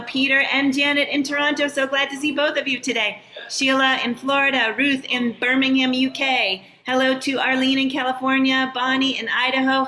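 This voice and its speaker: A woman hosting a live online show, warmly greeting viewers by name over a video call. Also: high voice. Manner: upbeat, reading out viewer names. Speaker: show host. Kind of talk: live online welcome and shout-outs. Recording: echoey room with faint background noise.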